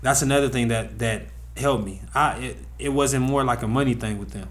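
Relaxed young man telling stories. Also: mid-range voice, a little fast. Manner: relaxed and rambling, slangy, with frequent fillers. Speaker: guest. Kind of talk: casual storytelling interview.

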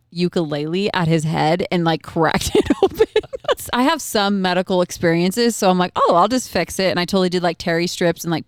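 A woman's voice: lowish voice, no echo, studio quality. A woman in her thirties co-hosting a casual podcast, telling family stories with frequent laughter. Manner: laughs often, animated storytelling. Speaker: podcast co-host.

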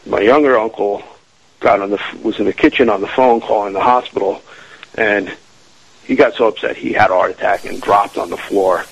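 A man's voice: fairly low pitch, steady tone, fairly quick, gravelly, husky, rough recording. A man telling a family ghost story as a radio interview guest, rambling with many restarts and fillers.

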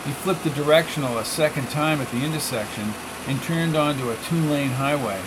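A man narrating a novel in a steady, measured reading voice. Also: on the high side, noisy background. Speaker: audiobook narrator. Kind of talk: scripted narration.

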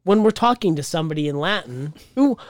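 A man's voice: a little high, animated, fast, no echo, clean studio sound. A man co-hosting a podcast, talking casually and bluntly, cursing and repeating himself. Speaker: podcast co-host. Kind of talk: casual chat.

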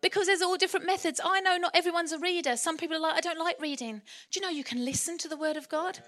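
A woman preaching a sermon in church, lively and humorous. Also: very high-pitched, rapid-fire. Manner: lively, humorous and animated, often laughing.

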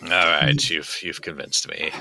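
A man playing a formal gentleman with a very deep voice. His delivery is measured and wry, bright and crisp, recorded close and dry. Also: big pitch swings, no room sound, heavily acted.

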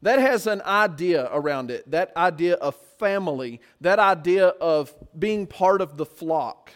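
A man's voice: sits high, animated, unhurried. A man preaching a sermon, often putting rhetorical questions to his listeners.

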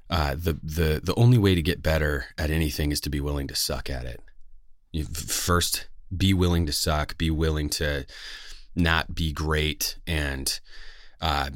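A man's voice: a bass voice, no room sound, clean studio sound. A man who is a voice actor, with a West Coast American accent, talking earnestly to camera with many fillers and restarts. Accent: General American, West Coast. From West Coast of the United States. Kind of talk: casual talk to camera.

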